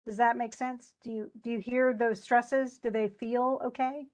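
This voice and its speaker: A woman's voice: a little high, steady tone, darkish tone. Teacher woman walking through poetic stress. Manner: thinking aloud with restarts, slowing to stress words. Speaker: poetry teacher. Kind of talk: live tutoring on meter.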